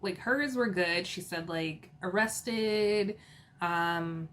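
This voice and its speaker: A woman's voice: on the low side, very slow, a bit bright. Chatty woman giggling through a TV recap. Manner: chatty, laughing, full of fillers and asides. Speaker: reality TV recap host. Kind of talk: casual episode recap.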